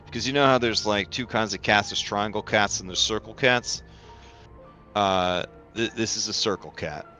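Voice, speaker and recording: A man narrating a tabletop game as game master, in a casual, halting way with many fillers. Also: lowish voice, bright, forceful tone, soft background music.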